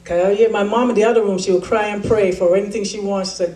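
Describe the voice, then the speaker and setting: A woman's voice: medium pitch, fast, distant mic. Woman speaking in an echoey hall. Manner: animated storytelling, acts out quotes. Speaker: keynote speaker. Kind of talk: motivational speech. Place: large event hall.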